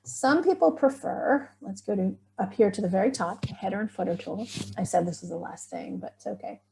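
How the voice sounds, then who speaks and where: A woman's voice: medium pitch, animated, a little fast, gravelly, mellow, a little hiss or hum. A middle-aged woman teaching a screen-share tutorial, chatty and thinking aloud as she works. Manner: chatty, thinking aloud, little surprised exclamations. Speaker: writing workshop instructor.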